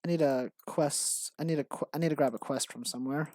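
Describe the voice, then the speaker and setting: A man's voice: fairly high pitch, fairly quick, a little mellow, no echo. Rambling man on a dry mic. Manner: rambling, self-interrupting, frequent fillers and restarts. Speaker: streamer and game developer. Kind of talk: casual live-stream commentary.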